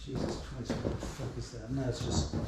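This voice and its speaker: A man's voice: mid-range voice, fairly even intonation, brisk, creaky, background noise. A man giving a haunted house tour, telling stories casually in a rambling, profane way with chuckles between them, inside a bedroom of a large house. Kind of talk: casual storytelling. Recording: very echoey room.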